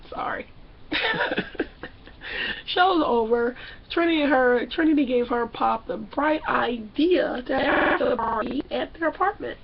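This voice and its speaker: Sassy high-voiced woman vlogger. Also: animated, a little slow, gravelly, lo-fi sound, slight background noise. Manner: loud, sassy, acts out characters. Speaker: vlogger recapping a reality show. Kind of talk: animated casual recap with acted-out quotes.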